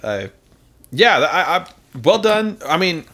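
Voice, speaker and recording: A man co-hosting a podcast, tossing in quick jokes and steady agreement. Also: fairly high pitch. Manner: quick quips and constant agreeing backchannel. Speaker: podcast co-host. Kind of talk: casual podcast chat.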